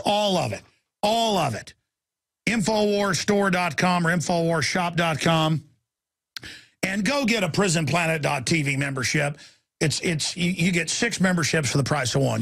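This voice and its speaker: A male radio host with a high-pitched, gravelly voice full of fry. He rants hard, shouting insults in bursts, then snaps into a fast, pushy sales pitch. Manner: ranting, yelling insults in bursts; rapid sales pitch delivery. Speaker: radio talk show host. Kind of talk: fiery talk radio monologue and call-in.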